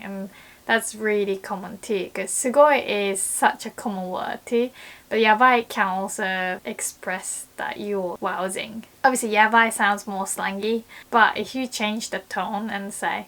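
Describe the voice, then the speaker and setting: A woman with a Japanese accent, a native Japanese speaker, giving a casual language lesson and playfully acting out example phrases with big jumps in pitch. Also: steady tone, unhurried, fairly bright tone.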